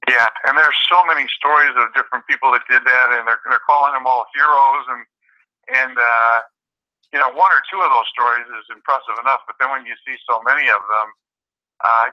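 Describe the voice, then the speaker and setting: A man talks as a guest on a radio interview over a dull, dry phone line. He sounds upbeat and pauses often with fillers. His pitch sits in a typical middle range. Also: steady tone, no room sound. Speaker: entertainment business guest.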